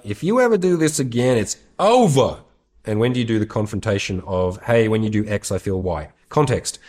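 A man hosting an advice show, talking through a listener's question in a blunt, candid way with casual swearing. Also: on the low side.

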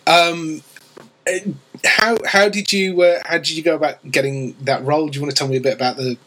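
A man's voice: fairly high pitch, fairly even intonation, fairly quick, fairly bright tone, rough recording. A man interviewing an actor in casual chat, hesitant with stammered restarts.

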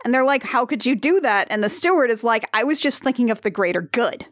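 A woman's voice: on the high side, lively intonation, a little fast, dry recording, clean studio sound. A woman in casual chat, recapping a musical, laughing often and acting out the characters' lines.

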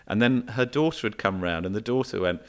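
A man, a comedian, chatting casually and telling animated anecdotes with frequent fillers and restarts. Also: lowish voice, a little fast. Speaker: comedian guest. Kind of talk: casual chat, storytelling.

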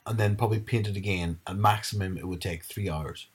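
A man's voice: low-pitched, brisk, slightly rough. A man, chatting casually and animatedly retelling a story. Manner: animated storyteller, mimics his mum.

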